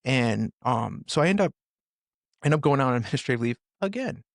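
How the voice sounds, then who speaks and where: Guy in his 40s, ex cop, talks quick with a rough fry, intense storytelling, restarts a lot. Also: mid-range voice, animated, no echo, clean studio sound. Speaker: podcast guest, former police officer and firefighter. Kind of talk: candid personal storytelling.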